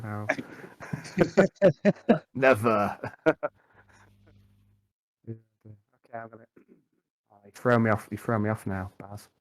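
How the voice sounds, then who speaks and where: A man talks in character during a tabletop game, chummy and quick to swear. His voice carries plenty of gravelly fry at a middle pitch. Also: no echo. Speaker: player.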